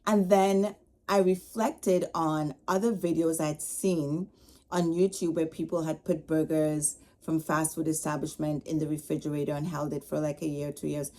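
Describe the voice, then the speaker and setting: A middle-aged woman telling a casual story as a podcast host, animated, acting out the dialogue she quotes. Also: low voice, moderate pace. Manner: animated, retells her upset with quoted dialogue.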